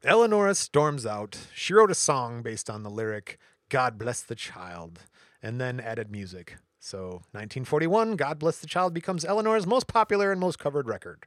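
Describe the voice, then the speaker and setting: Man, casual storytelling chat, acts out voices, mid pitch, dry close mic. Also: moderate pace, dry recording. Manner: animated anecdote teller, acts out quotes. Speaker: podcast co-host.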